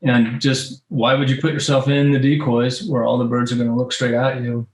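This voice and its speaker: A man's voice: mid-range voice, flat delivery, moderate pace. Man, podcast co-host, casual rambling storyteller, losing his voice, roomy echo. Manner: rambling storytelling with many ums. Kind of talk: casual chat.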